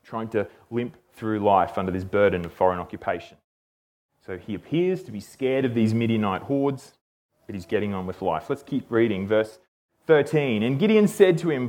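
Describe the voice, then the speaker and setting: A man teaching a Bible passage in a relaxed, conversational way, often checking in with "okay?". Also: lowish voice, normal speed. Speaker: preacher.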